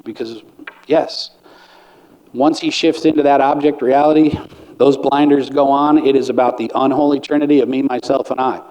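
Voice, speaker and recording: A man's voice: mid-range voice, a little mellow, highs cut off. A middle-aged man giving a blunt, earnest conference talk on recovery, sometimes acting out what others say. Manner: earnest, blunt, pastoral, acts out quoted lines. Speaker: conference speaker. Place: conference hall. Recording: hall reverb.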